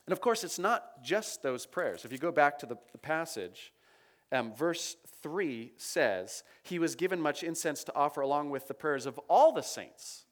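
A man's voice: fairly high pitch, animated, moderate pace. A man preaching a sermon, teaching through scripture in a conversational way, reading verses aloud with emphasis and checking in with his listeners.

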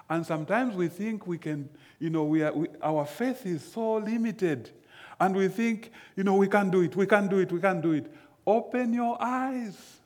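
A man preaching a sermon slowly and emphatically, often repeating phrases. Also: high voice.

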